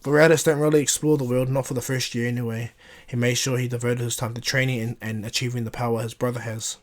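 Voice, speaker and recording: A man's voice: mid-range voice, level tone, quick pace. A man casually retelling a fan story in a rambling way, with many restarts and fillers.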